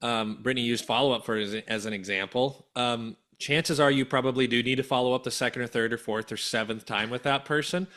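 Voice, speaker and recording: Bright-voiced man giving practical advice. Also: medium pitch, fairly even intonation, brisk, hardly any pauses. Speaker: podcast co-host. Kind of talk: casual business podcast talk.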